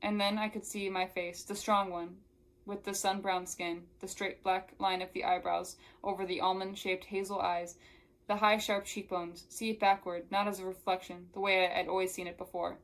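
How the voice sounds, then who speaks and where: A woman's voice: medium pitch, little pitch movement, moderate pace, fairly bright tone. A young woman who reviews books, reading a novel aloud and breaking off into casual, exasperated asides. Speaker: book reviewer.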